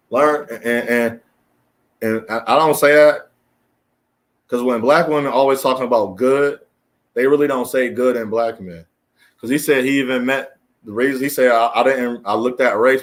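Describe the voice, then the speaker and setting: A man, delivering a preachy, emphatic solo monologue as a commentary host, often climbing high in exasperation and repeating phrases. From United States.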